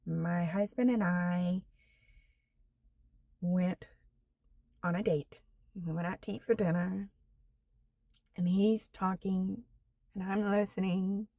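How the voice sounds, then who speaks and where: A woman in her forties telling her own story on a personal vlog, slow and halting, with many fillers, earnest and candid. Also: mid-range voice, fairly even intonation, darkish tone, no room sound. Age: 40s. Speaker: vlogger.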